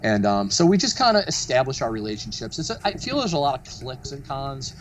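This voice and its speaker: A man spinning loose, animated stories as a guest on a podcast chat. He rambles with plenty of "um"s and "like"s, swears freely, and speaks at a medium pitch over faint background noise. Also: quick pace. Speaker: guest, mask artist and studio founder. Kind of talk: casual storytelling chat.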